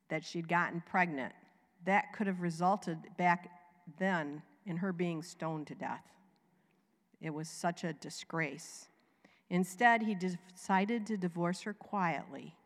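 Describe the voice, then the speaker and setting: A woman with a Southern US accent co-leading a sermon, reading scripture and preaching in an animated way. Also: lowish voice, big-room sound.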